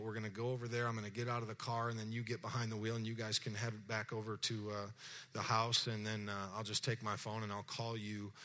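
A middle-aged man with a fairly low voice, a pastor, preaches a sermon as a lively story. He acts out dialogue and puts questions to the congregation.

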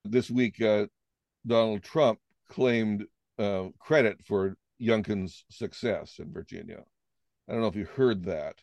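A man co-hosting a political talk show, recorded close and dry with no room sound. He gives his opinions plainly, pausing often on "uh" as he goes. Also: lowish voice, fairly even intonation, gravelly, a little mellow, no echo. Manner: conversational, opinionated, hesitant with fillers. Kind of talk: casual political discussion.

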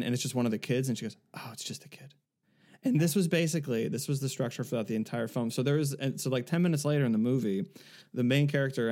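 A man's voice: medium pitch, a little mellow. A man co-hosting a casual podcast chat, telling a long anecdote with many fillers and restarts. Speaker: podcast co-host.

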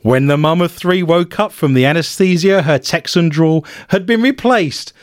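A man's voice: on the high side, moderate pace, no echo, clean studio sound. A man hosting a podcast, reading odd news stories with sarcastic, playful asides. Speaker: podcast host.

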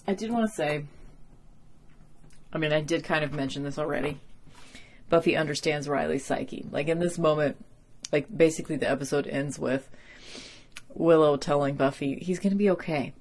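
A young adult woman hosting a podcast, giving a chatty, profane episode recap full of "like," sounding tired after a workday. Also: low voice. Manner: chatty, profane, heavy use of "like". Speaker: podcast host.

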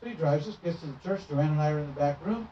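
The speaker is a middle-aged traveling minister with a fairly high pitch and a quick pace, telling stories in his sermon and animatedly performing the dialogue. Captured in a church sanctuary, the audio is roomy, distant, and muffled by noise.

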